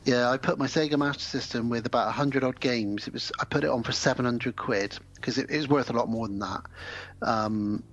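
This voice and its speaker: A man's voice: medium pitch, brisk, highs cut off. A man co-hosting a podcast, telling anecdotes and teasing with dry jokes. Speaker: podcast co-host. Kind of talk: casual chat.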